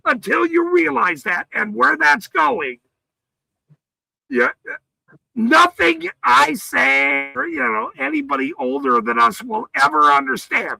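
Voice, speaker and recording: A man hosting a livestream, ranting with heavy profanity and frequent shouting. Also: very high voice, takes it slowly, vocal fry, no echo, rough recording. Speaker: livestream host.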